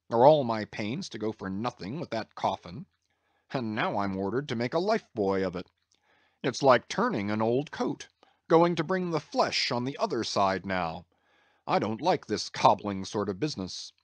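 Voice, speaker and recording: A man's voice: medium pitch, very animated, normal speed, dry recording. A man voicing a fussy, grumbling old ship's carpenter who mutters and hesitates as he complains. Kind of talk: audiobook character reading.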